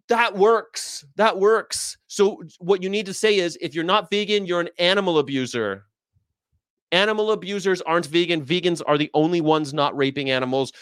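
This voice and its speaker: A man's voice: a little high, smooth, dry recording, clean studio sound. A man hosting a reaction video, brash and joking, swearing and repeating short slogans. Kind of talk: blunt reaction commentary.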